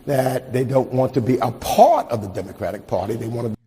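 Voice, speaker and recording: An older man answering an interviewer firmly, pausing with fillers. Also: medium pitch, mellow, big-room sound. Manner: firm, halting with fillers. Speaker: politician in news interview.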